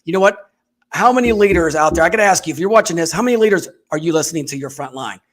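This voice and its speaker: Animated folksy man hosting a talk. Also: fairly high pitch, rapid-fire. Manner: animated, folksy, addresses viewers directly. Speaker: podcast host. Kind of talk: casual conversational interview.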